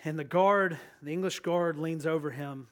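A young man preaching a sermon as pastor, passionate and urging, dropping to a hushed voice when he tells a story or prays. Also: on the high side, normal speed.

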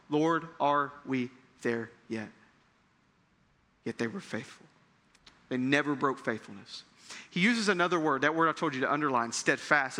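A man's voice: mid-range voice, sharp tone. A man preaching a sermon to his congregation in a conversational way that builds to emphatic peaks. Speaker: pastor. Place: large church hall. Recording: long reverb of a large hall.

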